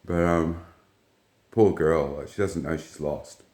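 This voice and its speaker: Blunt, swearing man, very low voice, rambling anecdote in a roomy space. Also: slow pace. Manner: blunt, profane, rambling, retells dialogue in flat quotes. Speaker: vlogger. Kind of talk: casual storytelling monologue.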